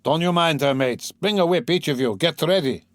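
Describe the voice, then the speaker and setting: A man reading an audiobook, voicing a young, drunken, brutal peasant carter who shouts and bullies. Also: fairly high pitch, moderate pace, dry recording, studio quality, voice pushed up, natural voice. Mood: boisterous. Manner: shouting, bullying.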